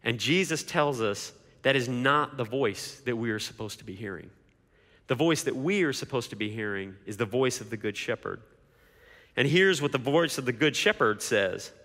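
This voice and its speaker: Bright-voiced pastor preaching in a reverberant hall. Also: male voice, medium pitch, animated, normal speed. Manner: emphatic preaching with repeated rhetorical questions. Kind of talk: sermon.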